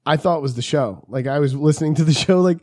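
A man's voice: fairly high pitch, fast, darkish tone, dry recording, studio quality. A young man co-hosting a podcast in casual banter, joking and profane. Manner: joking, profane, tells stories with acted quotes. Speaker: podcast co-host.

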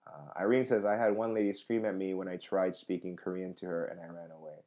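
A man's voice: low voice, level tone, brisk, mellow. A man in his thirties, a comedian hosting a live podcast, chatting casually with viewers, rambling with lots of fillers and restarts. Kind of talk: casual live chat reading viewer comments.

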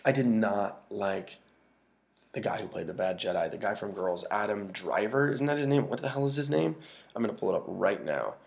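Gravelly guy venting about a movie, swears a lot, keeps restarting. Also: on the low side, lively intonation, moderate pace. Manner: profane, exasperated, restarts often. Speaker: movie reviewer. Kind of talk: casual film rant.

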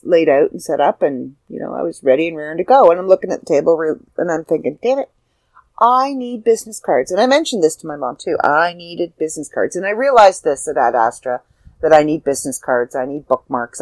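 A woman's voice: sits low, a little mellow, dry recording, poor audio. An older woman, an author, telling a heartfelt personal story in a casual, rambling way with fillers and restarts.

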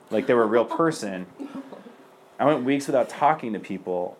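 A man's voice: mid-range voice, animated, normal speed, long pauses. A young man speaking as a priest, giving an earnest personal testimony in a loose conversational way. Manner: earnest and conversational, many fillers.

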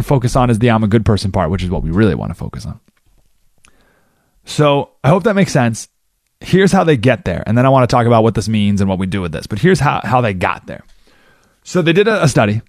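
A male radio talk host explains his point with a lively voice that rises and falls. He speaks into a studio microphone, and the sound is close and dry. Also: medium pitch, no room sound. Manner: animated, acts out quoted people.

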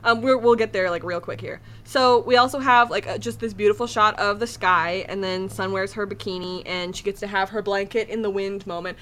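A woman's voice: mid-range voice, steady tone, fairly quick, hardly any pauses, fairly bright tone. A woman hosting a casual podcast chat, talking in a chatty, enthusiastic way with lots of fillers. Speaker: podcast host.

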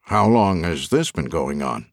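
A man's voice: rumbling low, big pitch swings, measured pace, creaky, no echo, studio quality, heavily acted. A man voicing a curious male government lawyer in an audiobook, asking questions with a slightly uneasy tone. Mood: surprised.

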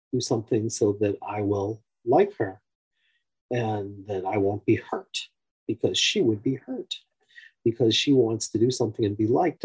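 A man with a husky, slightly breathy voice tells a teaching story. His tone is dark and mellow. He talks loosely, full of fillers and side remarks, like a lecturer speaking off the cuff. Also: fairly low pitch, rough recording. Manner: loose and conversational, with many fillers, restarts and asides. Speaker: teacher of a personality-type framework.

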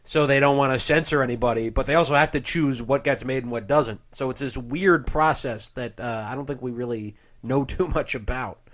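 A man in a casual chat who works through his points thoughtfully. He hedges often and fills pauses with "like" and "uh". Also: mid-range voice, a bit bright. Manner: thoughtful, hedging with fillers.

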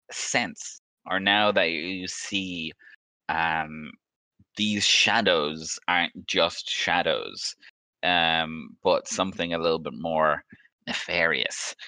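A man running a tabletop game as game master, relaxed, laughing often and filling pauses with um. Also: low voice, dry recording.

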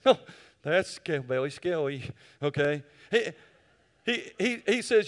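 Pastor, man, folksy storyteller from the pulpit, slightly higher pitch, swells from soft asides to loud emphasis. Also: animated, a little slow. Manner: folksy, acts out quotes, builds to loud emphatic peaks. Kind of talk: sermon.

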